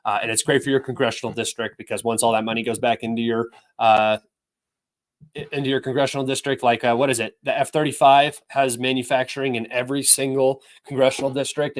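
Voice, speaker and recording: A young man hosting a livestream, talking through news articles in an offhand, rambling, opinionated way. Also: mid-range voice. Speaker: livestream host. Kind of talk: casual livestream news commentary.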